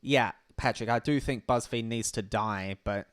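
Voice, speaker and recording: A man's voice: medium pitch, clean tone, no room sound, studio quality. A man hosting a casual livestream, talking bluntly and sardonically, swearing freely and often restarting his sentences. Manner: halting, with frequent restarts. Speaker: livestream host.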